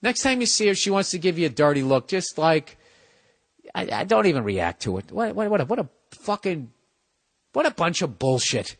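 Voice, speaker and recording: Profane ranting man, pitched a touch high. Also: big pitch swings, moderate pace. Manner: profane, ranting, swings between shouting and muttering. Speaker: podcast host. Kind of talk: casual comedic podcast rant.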